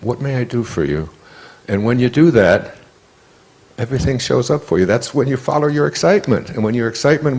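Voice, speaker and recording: A man giving a motivational talk in a conversational, animated way. He tells personal stories, acts out the voices he quotes, and often restarts his sentences. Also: mid-range voice. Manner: frequent restarts and stammered repeats. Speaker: inspirational speaker.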